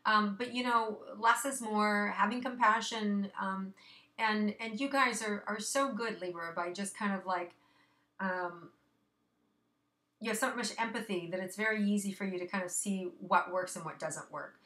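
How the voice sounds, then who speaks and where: Bright-voiced woman giving an astrology forecast. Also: medium pitch, steady tone, moderate pace. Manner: chatty, reassuring, many fillers. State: a little out of breath. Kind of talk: casual monthly astrology forecast.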